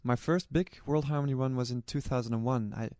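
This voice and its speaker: A man's voice: medium pitch, a little fast, no room sound. Earnest man recalling travels, dry sound. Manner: warm, earnest storytelling with frequent restarts. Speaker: charity relay runner and organizer. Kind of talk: personal recollection to camera.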